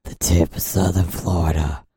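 A woman putting on a deep, gravelly man's voice for a creepy comic character, straining her throat. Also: flat delivery, warm tone, no echo, clean studio sound, full character voice. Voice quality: deep put-on man voice. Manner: creepy, slow, drawling. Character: creepy gravelly Amish man Jakob.

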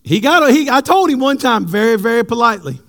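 A male pastor, preaching a sermon with animated, humorous stories for his congregation. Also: extremely high pitch, fast talker. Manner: animated storytelling, jokes with the congregation.

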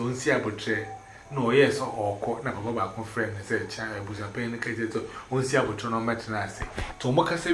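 A man's voice: mid-range voice, a little hiss or hum. A man with a Ghanaian accent, casually telling a long personal story and switching between English and Twi, voicing others in raised tones. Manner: animated, quotes others in raised voices. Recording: roomy echo.

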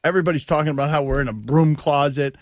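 A man's voice: fairly high pitch, fast talker, no echo, clean studio sound. A man hosting sports talk radio, riffing animatedly and firing rhetorical questions at his co-hosts. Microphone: studio microphone.

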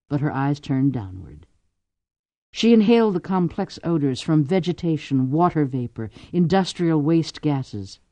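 A woman narrating a novel aloud with expressive, lively storytelling. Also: deep voice, dry recording. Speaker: audiobook narrator. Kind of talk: scripted narration.

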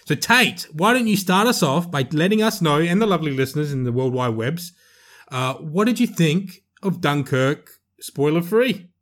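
A man reviewing a film with a friend on a podcast. His voice sits a little higher than most men's, and he talks in an emphatic, rambling way, circling back and correcting himself as he goes. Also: expressive, normal speed, a bit bright. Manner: chatty, emphatic, self-correcting. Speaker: podcast co-host. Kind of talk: casual movie review chat.

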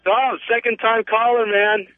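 A young man calling in to a talk show, telling a story in a rambling, excited way, full of "man" and "like". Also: sits high, a little slow, dry recording. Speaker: caller. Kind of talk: phone-in storytelling. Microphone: telephone. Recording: tinny phone line, dry.

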